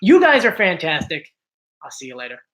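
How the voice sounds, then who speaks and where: A man's voice: on the high side, wildly swooping pitch, a little fast, fairly bright tone. This is a man hosting a casual livestream Q&A, reading out viewer comments and answering off the cuff. He rambles in a friendly, chatty way, padding his sentences with likes and ums. He is from South Jersey and talks from home. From South Jersey, USA. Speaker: YouTube show host.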